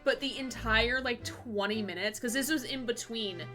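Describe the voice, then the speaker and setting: A woman's voice: fairly high pitch, sharp tone, soft background music. A woman streaming a game live, chatting casually with her viewers and often laughing. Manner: giggly, chatty, quick asides to chat. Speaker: Twitch streamer playing a game with a voice partner.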